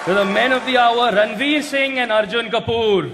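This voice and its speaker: A man doing a stand-up roast on stage, mocking his targets with crude punchlines and often shouting them. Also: very high-pitched, normal speed. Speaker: roast comedian. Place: large hall with a live audience. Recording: echoey hall recording with crowd noise.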